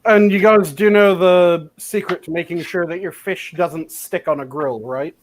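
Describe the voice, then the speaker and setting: A man hosting a casual cooking chat over a video call, explaining techniques in a relaxed, profane way. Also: sits high, moderate pace.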